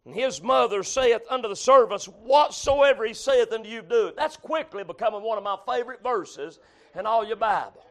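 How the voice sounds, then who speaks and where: A man preaching a revival sermon in a church, shouting and crying out at the peaks, then dropping to a murmured "amen". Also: very high-pitched, moderate pace.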